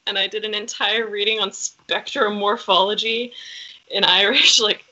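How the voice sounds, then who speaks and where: A woman's voice: mid-range voice, fairly even intonation, normal speed, pushed and bright, muffled recording. A woman chatting casually on a tabletop gaming stream, rambling with lots of fillers. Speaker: tabletop game player.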